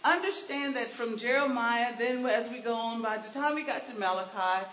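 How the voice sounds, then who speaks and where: A woman preacher delivering a sermon, swinging between hushed lines and emphatic ones. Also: fairly high pitch, moderate pace. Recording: echoey, dull sound with faint hiss.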